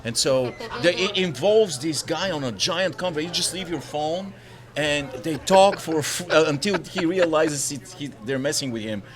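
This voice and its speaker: A man on a podcast panel, an animated storyteller who jokes and laughs often in casual chat. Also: a little high, moderate pace, crowd noise.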